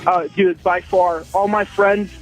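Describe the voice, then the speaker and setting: A man's voice: sits high, little pitch movement, measured pace, faint music behind, poor audio. A man from Russia, a native Russian speaker, chatting casually as a caller on a radio show. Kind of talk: phone call into radio show.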